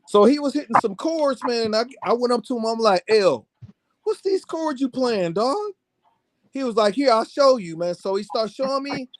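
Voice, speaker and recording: A man with a high voice tells music business stories on a video call. He talks casually and animatedly, slipping into other people's voices and tossing in "man" at every turn. The sound is dry and close. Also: brisk, few pauses, dry recording. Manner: animated, acts out quoted voices, says "man" constantly. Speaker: music producer guest. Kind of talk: casual storytelling chat.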